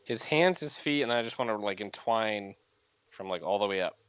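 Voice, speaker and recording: A man's voice: fairly low pitch, expressive, moderate pace, fairly bright tone, slight background noise, poor audio. Chatty man playing a tabletop game. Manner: chatty, playful, in-character banter. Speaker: player.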